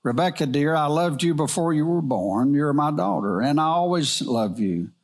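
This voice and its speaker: A man's voice: a little high, animated, normal speed. A man playing a tender, loving father. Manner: warm, reassuring and tender. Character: loving, patient father speaking to his daughter.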